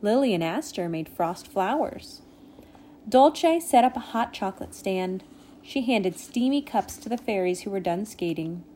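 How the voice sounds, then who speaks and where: A woman reading a children's storybook aloud in a gentle, expressive way. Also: medium pitch, a little slow, slight background noise. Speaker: storybook reader.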